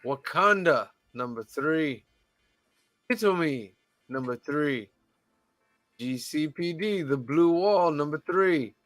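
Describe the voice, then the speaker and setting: A man hosts a casual podcast in a bright, forceful voice, slightly higher than most men. He works slowly through a list of titles in a measured, deadpan read. His wry asides and mock exasperation break up the list, and the sound is dry and close. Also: dry recording. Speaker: podcast host reading the weekly release list.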